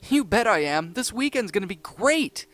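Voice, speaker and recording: A man voicing an excitable young male kangaroo cartoon character, bubbly and eager. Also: high voice, no room sound, voice pushed up. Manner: eager, bubbly, talks in quick bursts.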